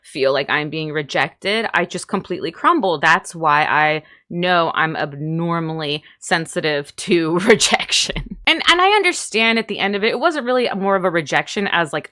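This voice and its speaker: Bright-voiced young woman telling a story. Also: on the low side. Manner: candid, self-deprecating, laughs while telling. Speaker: vlogger. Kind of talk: storytime vlog.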